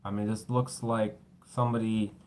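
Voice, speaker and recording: A man's voice: fairly low pitch, level tone, normal speed, darkish tone, slight background noise. A man doing a casual tarot reading, blunt and swearing freely, tired, with his voice cracking. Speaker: tarot reader.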